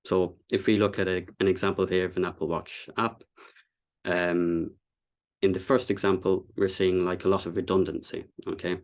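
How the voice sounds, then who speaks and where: A man with a low, deep voice walks a meetup audience through design ideas. He talks casually, stopping often for fillers and small restarts as he explains. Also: little pitch movement, moderate pace. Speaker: content designer giving a talk.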